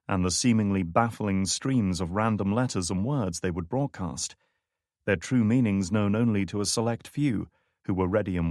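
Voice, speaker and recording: A man narrating a thriller audiobook in a measured, steady read. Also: lowish voice, no room sound, clean studio sound. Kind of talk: scripted narration.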